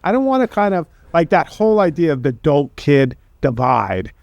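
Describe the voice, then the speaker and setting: High-voiced man telling stories, laughing. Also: sing-song, normal speed, gravelly, darkish tone, no room sound, dull audio. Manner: rambling, laughing, swears casually. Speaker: podcast co-host. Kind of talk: casual anecdote telling.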